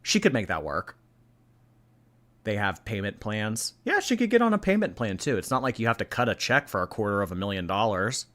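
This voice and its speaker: A man's voice: lowish voice, very animated, a little fast, a bit bright. A man hosting a casual reaction stream, reading chat and giving blunt, chatty opinions with casual swearing.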